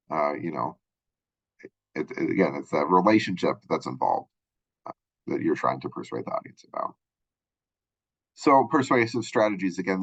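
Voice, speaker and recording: A man's voice: low voice, a bit bright, lo-fi sound. A male college instructor giving a recorded lecture, explaining in a rambling way with many fillers and restarts.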